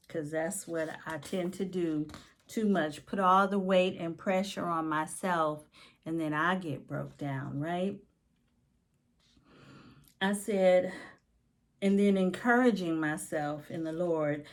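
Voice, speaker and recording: Woman, middle-aged, life coach, unhurried, low-pitched, tender and confiding, faith reflection. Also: fairly even intonation. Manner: slow, tender and confiding, dropping to a whisper on quoted prayers. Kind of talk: personal faith reflection, reading from her journal.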